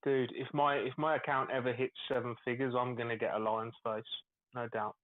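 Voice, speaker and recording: A man's voice: mid-range voice, level tone, fairly quick. Joking man on a tinny call. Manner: joking, swears freely, laughs at himself. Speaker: day trader on a group stream. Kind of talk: casual banter. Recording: tinny phone-like call audio.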